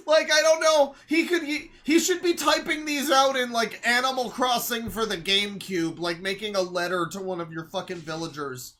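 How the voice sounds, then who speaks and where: A young adult streamer gives live reaction commentary. The voice is bright and sharp. The delivery is an exasperated rant, full of swearing and sudden shouted outbursts. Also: medium pitch, moderate pace.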